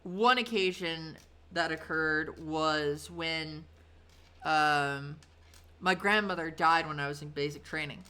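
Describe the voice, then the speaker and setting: A woman in her thirties chats on a live stream from her home setup, her voice bright and sharp. She rambles loosely through her stories, with plenty of fillers and the odd swear word, and her tone stays clean and crisp. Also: sits low, slow pace. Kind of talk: casual storytelling on a live stream.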